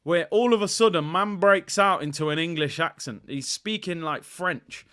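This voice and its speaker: A man's voice: a little high, normal speed, bright, forceful tone, clean tone. A man hosting a football vlog in casual talk, chatty and opinionated, with plenty of slang, speaking straight to his viewers. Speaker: football channel host.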